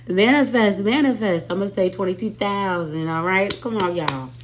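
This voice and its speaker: A woman hosting a casual live stream from home on her phone, talking sassily straight to her viewers and swinging between loud and soft. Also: mid-range voice, lively intonation, slow.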